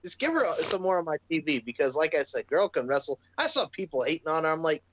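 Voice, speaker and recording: A man co-hosting a casual wrestling podcast, talking in an animated, ranting way and swearing freely. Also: a little high, fast talker, slight background noise, poor audio. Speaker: podcast co-host.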